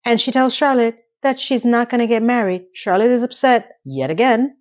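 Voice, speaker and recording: A woman giving a casual, chatty recap of a TV episode, with animated delivery and sarcastic asides. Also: fairly high pitch, moderate pace, dull audio. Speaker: TV episode reviewer.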